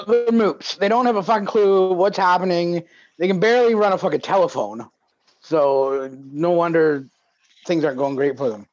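Podcast co-host, man, high lively voice, swears a lot, acts out his stories. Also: creaky. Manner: animated, profane, mimics voices in his stories. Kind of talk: casual storytelling chat. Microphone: video call. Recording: dull lo-fi sound.

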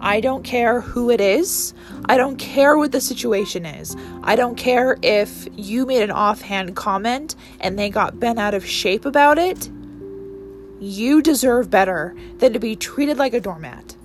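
An earnest young woman in her twenties talks alone on her podcast, her voice sitting a little high. She rambles and restarts, growing emotional as she goes. Faint music plays softly behind her. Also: a little slow. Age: 20s. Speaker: podcast host. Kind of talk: casual solo podcast monologue.

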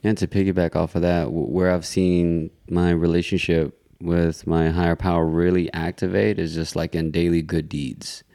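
A man's voice: sits low, little pitch movement, normal speed, few pauses, dark tone. A man from the United States in casual conversation, blunt and jokey, swearing freely while telling a traffic story. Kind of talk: casual chat.

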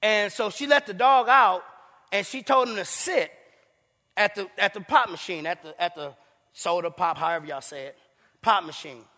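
High-pitched preaching pastor in a hall. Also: male voice, moderate pace, pushed and bright. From Saint Paul, Minnesota. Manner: preaching with call-and-response asides and playful impressions. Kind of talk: sermon.

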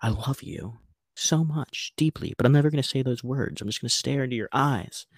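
A man parodying a smug, brooding male dark lord in a mock-romantic, exaggerated way. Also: medium pitch, fairly quick, husky, no room sound, studio quality, voice pushed up. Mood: mock-seductive.

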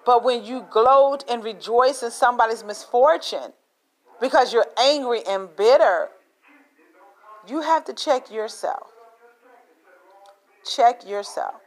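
A woman's voice: fairly high pitch, slow pace, pauses often, rough recording. A woman preaching a sermon in an emphatic, repetitive way, acting out little scenes as she speaks.

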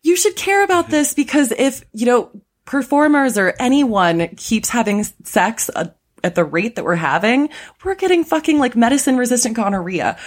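A woman guest on a podcast, talking in a blunt, passionate way and swearing freely. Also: fairly high pitch. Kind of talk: casual chat.

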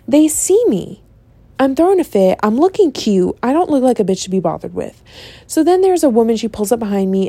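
A young woman telling a rant-style story as a vlogger, profane and animated, with laughing asides and exasperated outbursts. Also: on the high side, dry recording. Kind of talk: ranting storytime.

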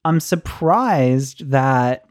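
A man hosting a podcast, reacting excitably to a guest's story and swearing often. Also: mid-range voice, extremely slow, dry recording, studio quality. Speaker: podcast host. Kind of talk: casual chat.

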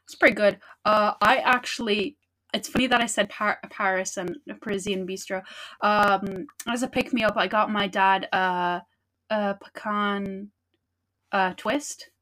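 A woman's voice: mid-range voice, fairly even intonation, a little slow, a bit bright. An Irish woman hosting a podcast, chatting in a playful, jokey way. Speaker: podcast host. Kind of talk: casual chat.

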